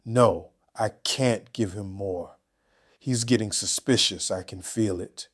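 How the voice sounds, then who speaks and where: Tense scheming daughter, whispering, low-pitched, as a male narrator reads her, hushed. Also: slow pace.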